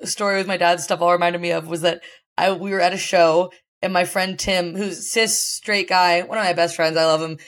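A woman co-hosting a podcast in an apartment, telling stories with animated, joking delivery. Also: lowish voice, normal speed. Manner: animated storytelling. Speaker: podcast co-host. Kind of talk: casual comedic chat.

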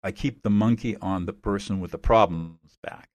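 A man being interviewed as an expert guest, calmly explaining methods in a measured, instructive way. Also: lowish voice, no echo.

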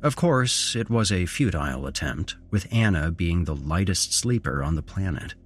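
A man narrating a first-person horror story as a podcast host, with measured pacing and dramatic shifts in intonation. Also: low-pitched, expressive, slightly rough.

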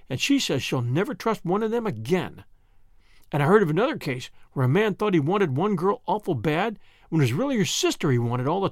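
A man's voice: fairly high pitch, no room sound, studio quality. A man voicing a gossipy, eager young female housemaid who chatters breathlessly in rustic grammar.

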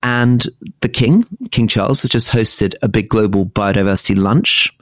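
A middle-aged man co-hosting a political podcast, explaining current affairs in a measured way with frequent restarts. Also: on the low side, fairly bright tone, no room sound, studio quality. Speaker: podcast co-host. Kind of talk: casual political discussion.

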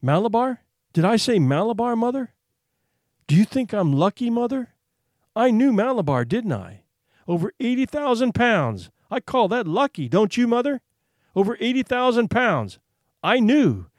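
A man voicing a feverish young boy who cries out in high, breathless exclamations in a read-aloud story. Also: very animated, normal speed, no echo, clean studio sound. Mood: feverish triumph.

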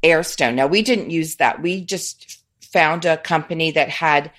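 A woman's voice: deep voice, measured pace, a bit bright. A woman in a casual home-decor chat, talking eagerly, laughing often and restarting her sentences.

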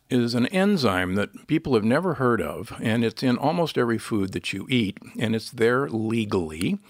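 A man with a low, gravelly voice speaks as an interview guest. He lectures emphatically and leans on key points. The sound is close and dry. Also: dry recording. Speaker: guest physician and author. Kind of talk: podcast interview, explaining.

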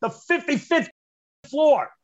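A middle-aged man, telling a personal story in conversation, animated and emphatic, often restarting mid-phrase. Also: very high-pitched, slow pace. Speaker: interview guest recounting a personal story. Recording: dull lo-fi sound.

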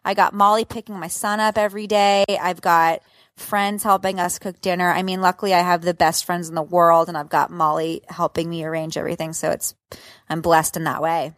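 A woman's voice: lowish voice, little pitch movement, a little fast, dry recording. A woman in her thirties telling a dramatic, profane story as a podcast co-host. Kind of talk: casual chat.

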